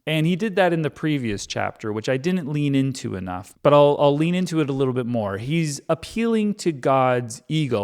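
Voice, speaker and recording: A man's voice: on the high side, big pitch swings, moderate pace, hardly any pauses, a little mellow. A man reading the Bible aloud and commenting on it casually with a sarcastic, irreverent manner. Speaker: Bible reading channel host.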